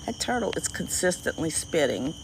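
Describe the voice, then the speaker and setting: A woman with a Cajun accent and a squeaky voice, chatting casually with viewers on a livestream from an outdoor dock at night. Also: big pitch swings, moderate pace, noisy background. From Louisiana. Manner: chatty, greets viewers by name, easily delighted. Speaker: livestream host. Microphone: phone livestream.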